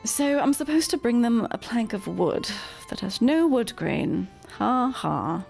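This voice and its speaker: A woman's voice: fairly high pitch, sing-song, a little slow, gravelly, darkish tone, soft background music. Chatty, self-mocking woman streamer. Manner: chatty, self-deprecating, laughs often. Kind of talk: casual gameplay commentary.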